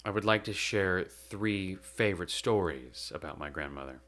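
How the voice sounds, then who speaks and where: A young man as host of his own show, delivering a measured, reflective eulogy with slow, emphatic pauses. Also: low-pitched, expressive, a bit bright. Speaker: podcast host.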